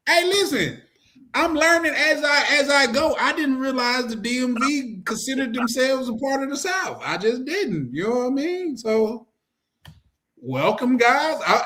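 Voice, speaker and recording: A man with a high, bright voice leads a loose group talk. He banters in an animated, slangy way and laughs often. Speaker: host. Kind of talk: casual group discussion.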